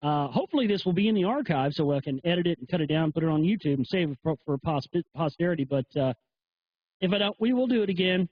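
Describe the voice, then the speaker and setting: Crude, rambling male livestream host, husky and high-pitched; dull, dry lo-fi stream. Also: animated, fast. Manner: crude, rambling, swears a lot. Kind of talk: profane livestream rant.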